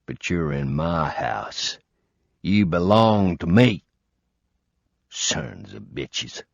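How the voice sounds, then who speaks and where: A man's voice: low-pitched, expressive, vocal fry, no room sound, exaggerated voice. A man voicing an angry old southern gunman. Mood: menacing drawl. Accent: Southern US drawl. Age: 60s. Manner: shouting, swearing, slow menacing drawl. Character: gruff old southern American man with a gun. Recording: dull lo-fi recording.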